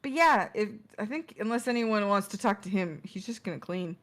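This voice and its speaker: A woman taking part as a player in a tabletop role-play game, chatting in an animated, flustered way. She often breaks into laughter mid-sentence, and her voice sits at a middle pitch. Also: a little fast. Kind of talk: casual tabletop game chat.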